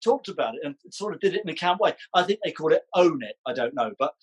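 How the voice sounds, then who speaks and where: Chatty man, husky voice. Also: a little high, fast, rough recording. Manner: chatty, animated storyteller, playful. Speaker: podcast guest, ballroom dancer. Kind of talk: casual chat.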